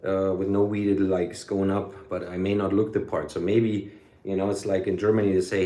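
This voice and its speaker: Rambling man, mellow roomy voice. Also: sits low, little pitch movement, fairly quick. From United States. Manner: rambling, sweary, drops German phrases. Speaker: vlogger. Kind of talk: casual rambling monologue. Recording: echoey room.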